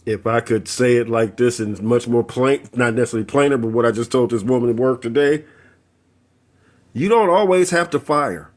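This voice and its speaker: Calm measured man in a talk room. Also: mid-range voice. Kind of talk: online audio room talk.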